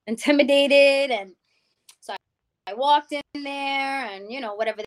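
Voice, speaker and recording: A woman from the Bronx, giving a lively personal testimony as an interview guest and acting out the people she quotes. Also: high-pitched, a little slow. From the Bronx, New York. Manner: animated storytelling, acting out quoted people, calls the host "girl". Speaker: guest, music founder.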